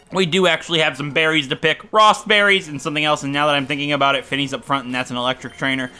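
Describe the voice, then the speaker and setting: A man's voice: fairly high pitch, sharp tone. A young man from Ohio giving casual, jokey commentary as he plays a video game and talks to his viewers. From Ohio, USA. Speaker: let's play gamer. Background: faint game music.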